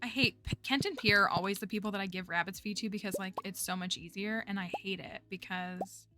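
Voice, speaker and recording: A woman's voice: mid-range voice, brisk, heavy background noise. A woman streaming a game, chatting casually as she plays, thinking aloud and talking to her viewers. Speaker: livestreamer. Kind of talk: casual gameplay commentary.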